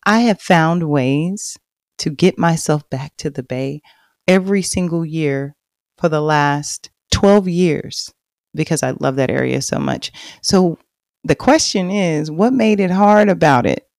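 A woman's voice: deep voice, no room sound, studio quality. A woman, hosting a podcast and telling her own story in a chatty, confiding way. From Texas. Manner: chatty and confiding, lively and loud when bragging, hushed and reflective later. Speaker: podcast host. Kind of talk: personal storytelling monologue.

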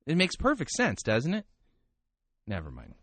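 A man's voice: medium pitch, huge pitch swings, moderate pace, a bit bright, dry recording. Wry, sarcastic male podcast host. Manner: wry, hesitant restarts, sarcastic asides. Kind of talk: casual commentary and reading aloud.

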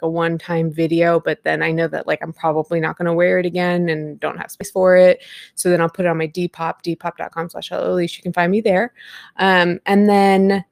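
With a fairly low, darkish voice and some vocal fry, a podcast host in her thirties live-streams a casual chat from her home computer, rambling and laughing often. The audio is studio quality, with no room sound.

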